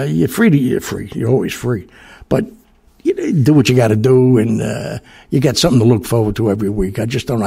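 An older man hosting his own podcast, with a gravelly, husky voice. He rambles through a story in a loose, casual monologue full of fillers and asides. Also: mid-range voice, dark tone. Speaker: podcast host.

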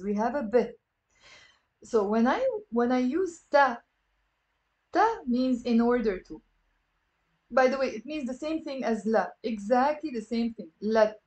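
A woman from Lebanon, a native speaker of Lebanese Arabic, teaching a live online lesson. She repeats words slowly and coaxes viewers to say them back. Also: fairly high pitch, darkish tone, rough recording. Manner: patient, drills words aloud, coaxing viewers to repeat. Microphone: computer camera mic.

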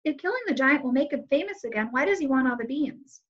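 A woman's voice: sits high, lively intonation, fast, fairly bright tone. Young girl sleuth, read by a woman: wary and blunt, slightly lo-fi recording. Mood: questioning.

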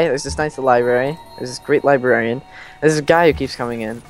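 A man's voice: mid-range voice, fairly quick, soft background music. A young man hosting a multiplayer strategy game session, rambling and joking in casual banter. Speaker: let's play host.

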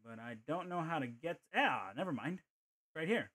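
A man's voice: on the high side, animated, moderate pace, fairly bright tone. A man streaming a video game, chatting casually and thinking aloud, with playful joking asides. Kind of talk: casual gameplay commentary.

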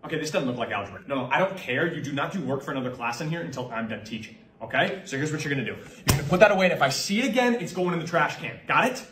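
A young man doing sketch comedy characters, jumping between loud yelling and low muttering. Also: expressive, very fast, reverberant, distant mic, a little hiss or hum.

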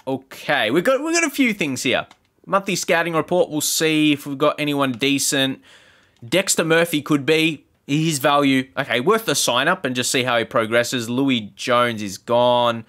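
Frustrated gamer ranting over gameplay. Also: male voice, normal speed. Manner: frustrated ranting, sarcastic, jumps into excited high exclamations. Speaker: gaming YouTuber. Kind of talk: gameplay commentary.

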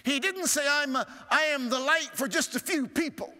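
A male pastor preaching a sermon, swinging from strong rising appeals to hushed, low asides. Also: normal speed. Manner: preaching with sweeping rises and hushed drops. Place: large church sanctuary. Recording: church hall reverb.

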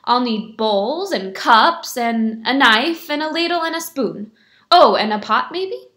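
A woman's voice: on the high side, lively intonation, unhurried, fairly bright tone. A woman reading aloud, voicing a clever little wandering beggar man who coaxes and shows off. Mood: eager.

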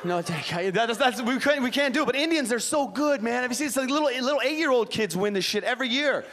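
A man from Iran doing live stand-up comedy as host, energetic, profane and teasing the crowd. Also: very high voice, quick pace. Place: comedy club stage. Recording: noisy club with crowd laughter.

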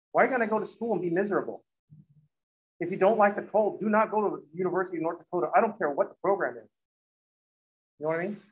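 A man's voice: high-pitched, fast talker, long pauses, slightly rough, muffled recording. A man teaching a math lesson in a classroom, moving from step-by-step explanation into chatty, joking stories and acted-out dialogues. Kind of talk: classroom lecture with joking asides.

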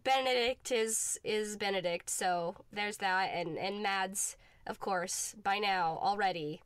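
A woman's voice: mid-range voice, takes it slowly, clean tone, dry recording. A woman co-hosting a podcast in casual chat, talking loosely with many filler words. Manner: chatty, lots of "like" fillers. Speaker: podcast co-host.

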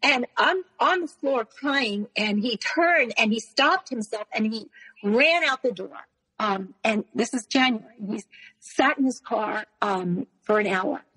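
Woman guest, breathy voice, halting emotional retelling, long reverb on the recording. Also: on the high side, a bit bright. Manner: halting, with many restarts and repeated words. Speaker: interview guest. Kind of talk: emotional personal storytelling.

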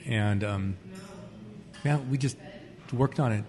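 A man with a fairly low voice chats in an easygoing way about the dishes his restaurant makes. There is a long reverb on him, and a crowd murmurs in the background. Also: slow. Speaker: restaurant owner. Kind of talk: casual chat.

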